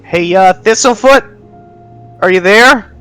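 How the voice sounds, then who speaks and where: A man's voice: very high-pitched, measured pace, a bit bright, faint music behind, voice pushed up, rough recording. A man playing a stammering, timid giant of a man. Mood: nervous. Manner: stammering, nervous. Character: huge, timid young man adventurer.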